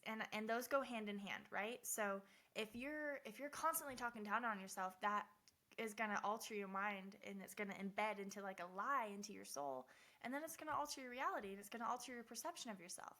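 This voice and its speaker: A woman in her twenties speaks in a heartfelt, earnest way and repeats key phrases for emphasis. Her voice is bright and clear, at an ordinary middle pitch. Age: 20s. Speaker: motivational speaker. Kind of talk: personal motivational talk.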